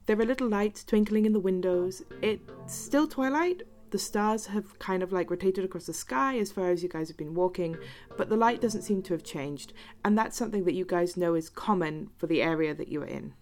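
A woman's voice: medium pitch, brisk, faint music behind. Woman narrating a tabletop game. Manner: relaxed, chatty, hedging. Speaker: game master.

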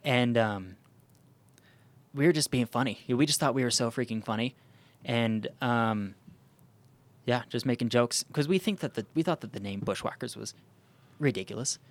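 At normal speed with long pauses, this mid-range male podcast host recounts a hiking story casually. The telling rambles, heavy on fillers like "um" and "like," with frequent restarts.

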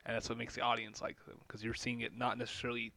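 A man's voice: medium pitch, monotone, fast, vocal fry, bright, forceful tone, no room sound. A man in a casual movie chat, blunt and swearing freely.

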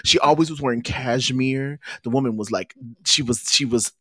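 A man co-hosting a casual podcast, an animated storyteller who talks with lots of fillers. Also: medium pitch, normal speed, breathy edge, no room sound, studio quality. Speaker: podcast co-host. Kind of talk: casual chat.

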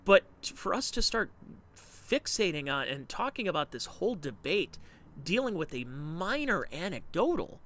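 Give me a sarcastic, ranting male commentator with a slightly high voice. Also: big pitch swings, moderate pace, fairly bright tone, a little hiss or hum. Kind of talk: opinion commentary.

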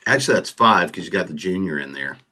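A man adding joking, deadpan asides in a casual chat. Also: low voice, fast talker.

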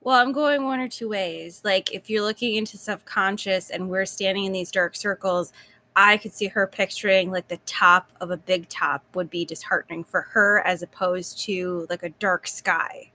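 A woman's voice: medium pitch, steady tone, normal speed, sharp tone. A woman playing a tabletop game, talking through her ideas tentatively. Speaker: player. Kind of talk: casual tabletop play.

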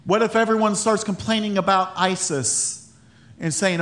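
A man with a high-pitched voice delivers a sermon. He talks in a loose, conversational way, often laughing and stumbling over restarts. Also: steady tone, brisk, fairly bright tone. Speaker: pastor.

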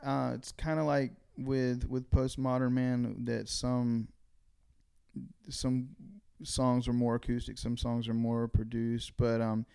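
A man being interviewed as a songwriter guest, soft-spoken and hesitant, often repeating his words. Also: medium pitch, little pitch movement, slow, gravelly, clear, resonant tone. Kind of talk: casual interview chat.

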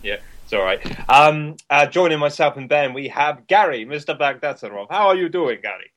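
A man's voice: fairly high pitch, animated, fairly quick, fairly bright tone, lo-fi sound. A man co-hosting a gaming podcast, chatting casually and laughing often. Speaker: podcast co-host.

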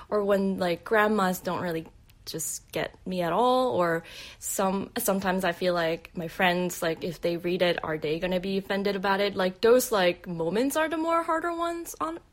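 A woman's voice: medium pitch, normal speed. A woman who immigrated to the United States, a comic artist talking casually as an interview guest, hesitant, with many fillers and restarts.

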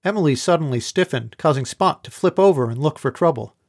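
A man's voice: on the high side, expressive, brisk, darkish tone. Man narrating a first-person audiobook.

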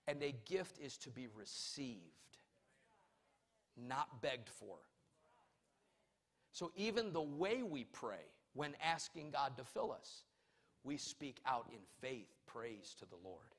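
Male pastor preaching in church, gets loud and punchy then soft and chatty. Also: mid-range voice. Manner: swings from loud emphatic preaching to quiet storytelling. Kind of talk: preached sermon.

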